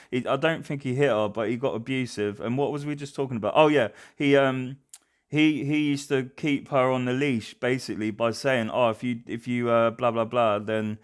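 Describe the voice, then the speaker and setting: A young man, rambling through casual reaction commentary with many fillers and restarts. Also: medium pitch. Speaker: reaction video host.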